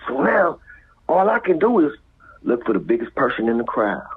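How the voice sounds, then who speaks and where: A man with a Los Angeles accent telling a street story as a guest, acting out voices and sound effects and dropping to whispers, with a very husky voice. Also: mid-range voice, sing-song, moderate pace. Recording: tinny phone-like line.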